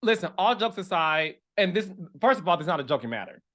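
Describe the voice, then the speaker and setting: Chatty male reality-TV commentator, animated and expressive, swings his pitch widely. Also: fast. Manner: animated, chatty, dramatic gasps and asides. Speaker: reality TV commentator and podcast host. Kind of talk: casual chat.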